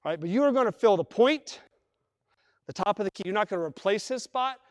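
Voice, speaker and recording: At a live clinic in a large indoor gym, a man coaches basketball, talking through drills and repeating himself as he demonstrates with players. His voice sits high and is expressive and a little fast, with long gym-hall reverb on the recording.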